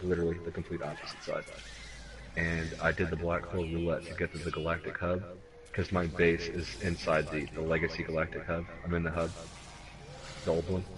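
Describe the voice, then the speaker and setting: Deep-voiced man in rambling gaming chat. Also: far from the mic, noisy background. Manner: rambling, profane, frequent restarts. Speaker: stream co-host.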